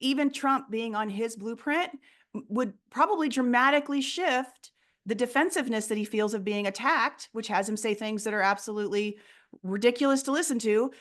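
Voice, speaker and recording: A woman's voice: on the high side, brisk, fairly bright tone. Earnest woman explaining her coaching method. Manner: earnest, explanatory, often acts out quoted voices. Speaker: guest, fear coach. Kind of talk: casual interview talk.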